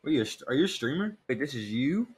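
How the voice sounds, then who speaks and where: A man streaming to friends while on a video chat, talking in an excitable, profane way. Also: mid-range voice, rapid-fire, slightly rough, no room sound. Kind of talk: casual chat.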